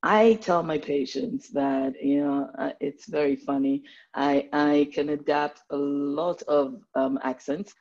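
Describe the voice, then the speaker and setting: A woman of Nigerian background speaking as a doctor on an online panel, animated and fond of slipping into put-on accents. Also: low-pitched, takes it slowly. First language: Nigerian English background. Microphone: video call. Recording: muffled video call audio.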